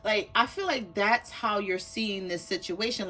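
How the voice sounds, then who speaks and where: A woman's voice: mid-range voice, measured pace, hardly any pauses, sharp tone, soft background music. A woman giving a casual tarot reading to her viewers, chatty, laughing often and acting out what people might say. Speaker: tarot reader.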